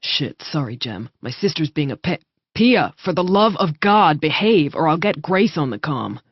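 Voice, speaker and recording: A woman reading voicing a gruff male wolf-shifter soldier who talks bluntly and swears, on a slightly muffled recording. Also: a bass voice, animated, moderate pace, no room sound, pitched below the performer's own voice, exaggerated voice.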